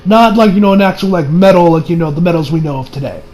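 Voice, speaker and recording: A man's voice: a little high, quick pace, rough recording. A man giving a casual, profanity-laced anime episode recap and rant, acting out the characters' lines as he goes. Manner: profane, animated, mimics characters in quotes. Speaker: anime reviewer.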